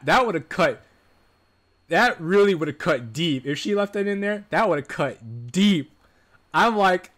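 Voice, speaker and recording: Excitable man streaming a game. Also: medium pitch. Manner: excitable, swearing, slangy reactions. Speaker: gaming streamer. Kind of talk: reading a visual novel aloud with live reactions.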